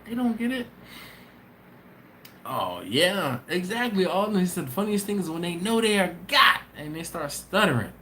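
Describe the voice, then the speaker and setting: A man's voice: sits high, big pitch swings, normal speed, bright, forceful tone. A man hosts a casual live-stream chat, reading viewer comments and answering them with stories. His voice rises and falls animatedly, and he breaks into laughter often. A faint hiss of noise sits under the voice. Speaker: host of a barbecue channel live stream.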